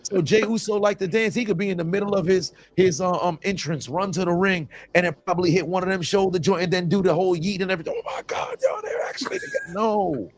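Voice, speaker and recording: Hoarse male podcast guest, casual and animated, tends to ramble. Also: high-pitched, quick pace, few pauses. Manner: animated, tangent-prone storytelling. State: hoarse, sore throat. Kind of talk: casual chat.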